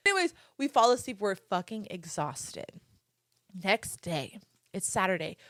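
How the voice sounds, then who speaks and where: A woman's voice: mid-range voice, very animated, unhurried, a bit bright, no room sound, studio quality. A young woman hosting a podcast, telling a story in casual chat, drawling and stretching her words so they sound a bit slurred, swearing freely and talking to listeners. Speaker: podcast host.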